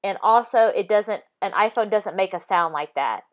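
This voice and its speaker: A woman talks through video clips in a casual commentary. Her voice is smooth and clear, with an insistent, repetitive way of pressing each point and frequent halting restarts. The audio is slightly dull and lo-fi. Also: mid-range voice, animated. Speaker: video analysis vlogger.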